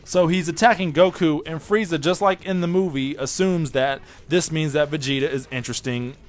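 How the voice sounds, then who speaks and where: A man giving a casual spoken review of an anime episode, rambling and excitable, often restarting and correcting himself. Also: on the high side, normal speed, soft background music.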